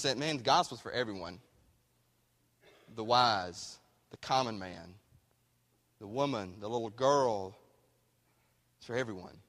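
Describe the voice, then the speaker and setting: Folksy preacher man, bright tone. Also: mid-range voice. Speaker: pastor. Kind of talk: sermon. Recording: hall reverb.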